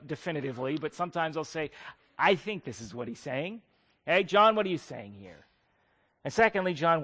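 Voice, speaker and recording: A male pastor preaching a sermon, animated and emphatic, putting questions to his congregation. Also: a little high, long reverb tail. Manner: animated preaching with wide swings in loudness, asks the congregation questions.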